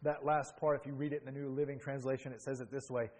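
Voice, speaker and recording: A man's voice: mid-range voice, flat delivery, quick pace, a little mellow. A male pastor preaching a sermon with earnest, emphatic delivery that rises in bursts.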